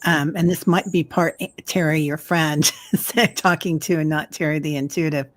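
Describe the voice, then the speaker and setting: Woman host, low voice, soft, encouraging, affectionate, live stream. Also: fairly even intonation, normal speed. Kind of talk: live-streamed healing chat.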